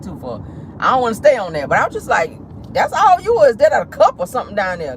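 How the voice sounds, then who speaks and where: A gossip channel host chatting sassily while driving, swearing freely and calling viewers honey and y'all. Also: mid-range voice. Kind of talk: casual celebrity gossip chat. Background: faint road and car noise.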